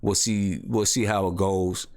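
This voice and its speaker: A man's voice: low voice, level tone, measured pace, darkish tone. A man hosting a casual live-stream show, talking loosely with many restarts and repeats. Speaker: podcast host.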